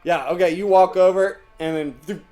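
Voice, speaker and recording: A man narrating a tabletop game as game master, his voice a touch high. He tells the action with energy and laughs often. Faint music sits behind him. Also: normal speed. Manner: animated, laughs often, acts out villains in yelps.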